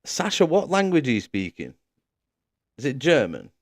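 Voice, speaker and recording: A man's voice: medium pitch, huge pitch swings, normal speed, no echo, clean studio sound. A man commentating a sim racing league live stream, chatting casually, laughing often and reading out viewers' messages.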